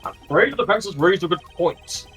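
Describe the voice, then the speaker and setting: A fussy, pompous old courtroom judge, voiced by a man in a fan game dub, flustered and lecturing. The voice sits a bit high and swoops widely in pitch. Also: expressive, brisk, a bit bright, soft background music. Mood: stern.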